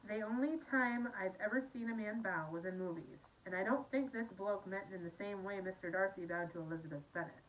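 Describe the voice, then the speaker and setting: Medium-pitched and fairly quick, this amateur audiobook reader from Scotland barely pauses. She reads a novel informally, tossing in chatty remarks and tripping over words, recorded on a slightly distant mic with faint background noise.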